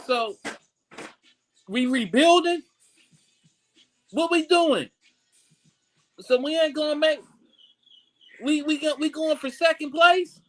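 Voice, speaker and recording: A middle-aged man, ranting about football on a casual talk show, swinging between low grumbles and loud, high outbursts. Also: slow, pauses often, slight background noise, rough recording. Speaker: show co-host. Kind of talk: casual sports rant.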